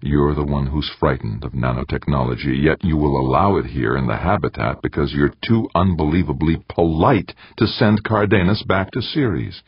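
A man's voice: rumbling low, normal speed, hardly any pauses, husky, no room sound, heavily acted. A man voicing a scheming male official who speaks in a polite, soothing, ingratiating way. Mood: scornful. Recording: dull, muffled audiobook recording.

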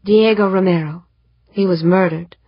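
A woman's voice: on the low side, steady tone, moderate pace, dry recording. A woman voicing an anxious, determined young woman who speaks urgently and pleads for help. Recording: dull muffled audiobook recording.

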